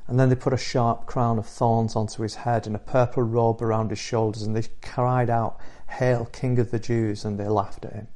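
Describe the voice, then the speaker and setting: A man delivers a sermon in a mellow, dark voice, telling the story with earnest, measured pacing. His pitch stays fairly flat and even, and he pauses often between phrases. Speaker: preacher. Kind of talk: sermon retelling the Easter story.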